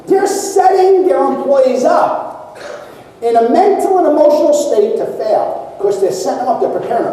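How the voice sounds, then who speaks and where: A man's voice: extremely high pitch, big pitch swings, a little fast, dark tone, distant mic, a little hiss or hum. A man giving a motivational conference keynote, speaking emphatically and asking the audience rhetorical questions. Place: large conference hall. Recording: echoey hall recorded from afar.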